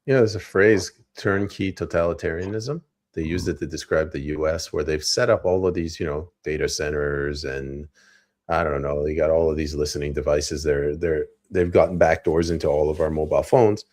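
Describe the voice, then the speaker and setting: A man's voice: very deep voice, normal speed. A man co-hosting a podcast, chatting casually about politics and acting out quotes as he tells stories. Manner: animated storyteller, acts out quotes. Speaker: podcast co-host.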